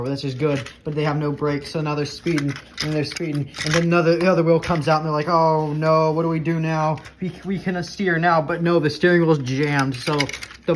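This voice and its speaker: A speaker of middle pitch rambles excitably through a chaotic video, tripping over words and restarting often. The recording carries a clear layer of background noise under the voice. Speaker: commentator narrating a video. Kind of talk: casual rambling commentary. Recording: noisy home recording.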